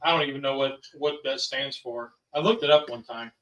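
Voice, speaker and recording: A man's voice: medium pitch, a little fast, fairly bright tone. A father hosting a family vlog, chatting casually and rambling with plenty of ums and sos. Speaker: father and channel host. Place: home kitchen. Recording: roomy, from a distance.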